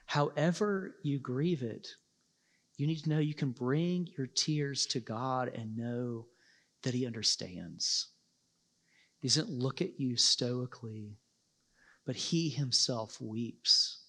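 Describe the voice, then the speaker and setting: A man preaching a sermon as a pastor, earnest, slowing for emphasis and rising to passionate peaks. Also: mid-range voice, a bit bright, in a large hall.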